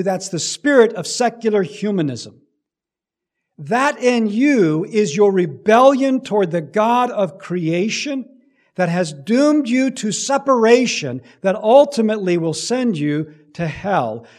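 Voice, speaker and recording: A man preaching a sermon, emphatic, rising loud and dropping low to stress his points. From United States. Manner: emphatic preaching with big swings in loudness. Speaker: pastor.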